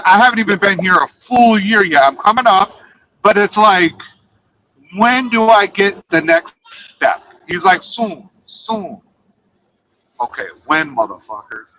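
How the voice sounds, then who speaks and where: A man's voice: high-pitched, bright, forceful tone, poor audio. A young man in casual podcast chat who fills his talk with "like" and curses. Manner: filler-heavy, full of "like", profane. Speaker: podcast co-host, trucker.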